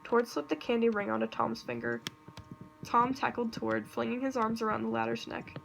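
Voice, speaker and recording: A woman reading a fan story aloud in a nervous, halting way, breaking off now and then. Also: fairly high pitch, flat delivery, vocal fry, fairly bright tone. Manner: nervous, self-interrupting reading with asides. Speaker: reader. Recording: noisy home recording with computer clicks.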